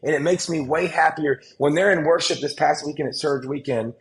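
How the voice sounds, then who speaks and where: A man, telling stories as a podcast guest, emphatic and animated, often restarting his sentences. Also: on the high side, fairly quick, low-quality recording. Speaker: guest, former football player and analyst. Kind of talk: casual podcast conversation.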